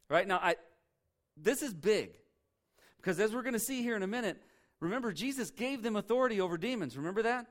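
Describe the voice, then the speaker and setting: A pastor preaches to his congregation in a fairly high voice, leaning hard on key words. He keeps it conversational, tossing rhetorical questions out to the room. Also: animated, quick pace. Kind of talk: sermon.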